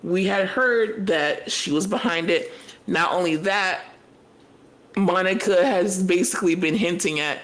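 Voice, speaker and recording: A young woman co-hosting a podcast, recapping a reality show in casual chat, animated and profane, telling the story in bursts. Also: on the low side, unhurried, poor audio. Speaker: podcast co-host.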